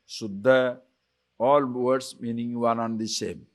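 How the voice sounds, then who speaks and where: A man giving a spiritual lecture on scripture, who keeps asking his listeners rhetorical questions, chuckles often and slowly chants Sanskrit phrases. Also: mid-range voice, steady tone. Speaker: spiritual teacher.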